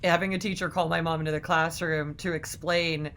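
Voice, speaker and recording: Female interview host, crisp bright tone with some fry, encouraging. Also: deep voice, steady tone, fairly quick. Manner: warm, encouraging reactions. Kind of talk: interview chat.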